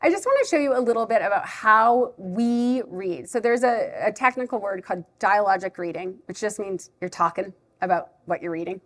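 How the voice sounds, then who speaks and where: A woman who teaches preschool, giving a chatty, animated live talk to a parent audience at a library event. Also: medium pitch, moderate pace, hardly any pauses. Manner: chatty, animated, self-deprecating.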